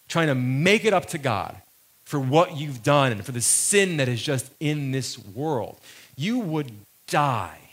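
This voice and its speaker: A man preaching a sermon to a congregation in a conversational, lively way, slowing down to stress key phrases. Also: a little high. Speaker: pastor.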